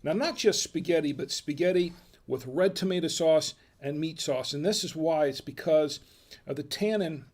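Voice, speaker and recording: A man's voice: a little high, moderate pace, darkish tone. An American man hosting a casual wine tasting, chatty and folksy, murmuring as he samples food and wine. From United States. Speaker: wine review host.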